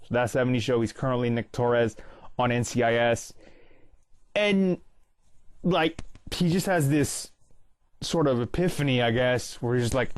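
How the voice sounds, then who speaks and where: A man in his early thirties who hosts a movie commentary channel chats casually through a film's ending, quoting its lines in a relaxed recap monologue. His voice sits at medium pitch and moves at normal speed, with no echo.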